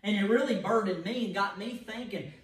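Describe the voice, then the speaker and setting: Guy preaching, kinda high voice, lots of repeats, echoey church room from far off. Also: a little fast, fairly bright tone. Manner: emphatic preaching with repeated words and restarts. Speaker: pastor. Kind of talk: sermon. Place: church sanctuary. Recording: echoey church heard from a distance.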